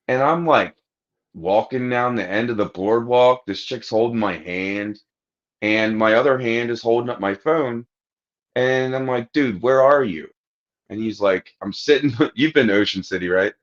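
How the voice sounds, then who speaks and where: A man's voice: medium pitch, measured pace. A man on a podcast telling a rambling, crude anecdote in casual chat, acting out the lines of the people in it. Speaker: podcast host. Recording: dull lo-fi podcast audio.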